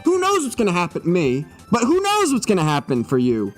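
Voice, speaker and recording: A young male streamer with a raised, lively voice that swings up and down constantly. He jokes and swears through a mock-serious spiel. He sounds a little tipsy, with faint music behind him. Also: high voice, a little fast. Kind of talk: comedic live-stream monologue.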